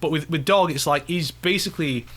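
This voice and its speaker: Halting, slightly high-voiced podcast man. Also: fairly bright tone. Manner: halting, repeats words as he starts sentences. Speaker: podcast co-host. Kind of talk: casual gaming chat.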